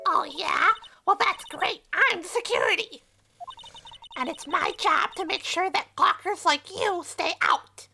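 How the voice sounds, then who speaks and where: A woman voicing a cranky, nosy old female security guard with a croaky, scolding voice who grumbles about young people. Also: extremely high pitch, takes it slowly, bright, forceful tone, faint music behind, voice pushed up, exaggerated voice. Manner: grumbling, lecturing about youths.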